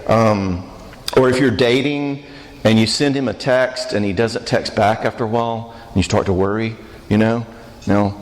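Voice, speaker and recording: A man's voice: fairly low pitch, steady tone, normal speed. A man giving a church marriage conference talk, conversational and joking, often asking the audience questions. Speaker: conference speaker. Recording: reverberant church hall.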